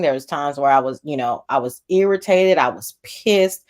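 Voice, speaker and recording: A woman's voice: deep voice, normal speed, hardly any pauses. A woman hosting a livestream, talking casually and bluntly, pressing her questions and swearing freely. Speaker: livestream host.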